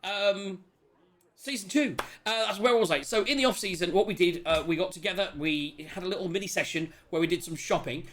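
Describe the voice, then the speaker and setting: A man hosting a tabletop role-playing stream, chatting excitedly and rambling with many restarts. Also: high-pitched, brisk. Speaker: host and player character. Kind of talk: casual chat opening a tabletop game stream.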